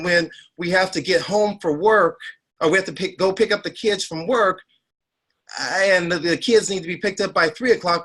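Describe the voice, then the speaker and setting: A man's voice: sits high, pushed and bright. A man in his forties, a heart doctor giving a health talk, telling a story with emphatic repeated phrases. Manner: storytelling, rising to emphatic peaks. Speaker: cardiologist speaker.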